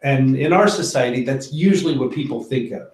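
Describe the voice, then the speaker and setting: A man's voice: mid-range voice, fairly quick, a little mellow, reverberant, poor audio. A man leading an informal Bible study, talking in a loose conversational way with lots of fillers and restarts. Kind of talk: informal Bible teaching with discussion.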